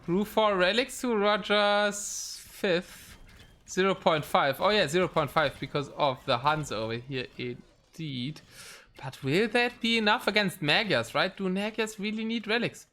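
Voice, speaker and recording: A high-pitched man with a bright, sharp voice casts a live esports match. He gets excitable and rambles along with frequent ums between calls. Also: a little slow. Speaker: game caster.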